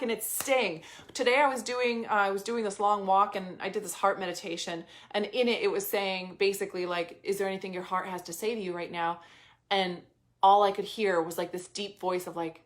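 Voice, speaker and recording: A woman's voice: medium pitch, fairly quick. A woman in her thirties giving a casual motivational talk as a business coach, emphatic, repeating phrases and swearing casually.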